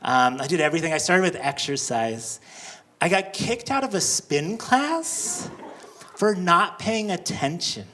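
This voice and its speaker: A man doing a stand-up comedy set with awkward, self-deprecating, animated storytelling, on a handheld mic at a live show. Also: high-pitched, unhurried. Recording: live club recording with background noise.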